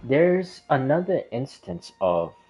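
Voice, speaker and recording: A man with a mid-range, darkish voice speaks slowly in a sing-song way as he casually lays out a gaming lore theory. The monologue is rambling and hesitant, packed with fillers and restarts, with soft background music and low-quality recording.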